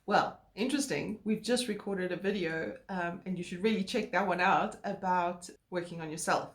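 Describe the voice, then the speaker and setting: A woman co-hosting a relationship talk, explaining calmly and earnestly with filler words. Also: lowish voice, normal speed. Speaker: co-host. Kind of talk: casual chat. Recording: roomy echo.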